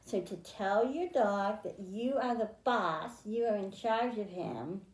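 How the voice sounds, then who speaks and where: A woman librarian leading a children's storytime, reading aloud and explaining in an animated, sing-song way. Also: medium pitch, slow pace. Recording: echoey room.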